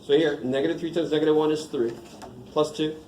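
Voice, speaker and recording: Man, math teacher, informal and joking, mellow voice, roomy classroom sound. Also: a little high, fairly even intonation, a little fast, a little hiss or hum. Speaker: math instructor. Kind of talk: casual classroom lecture. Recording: echoey classroom, faint ambience.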